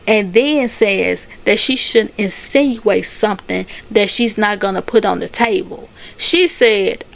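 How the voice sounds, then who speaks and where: A woman's voice: a little high, vocal fry, a bit bright. A woman giving a sassy, chatty casual recap of TV episodes. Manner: sassy, chatty, laughs at the drama. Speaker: recap host.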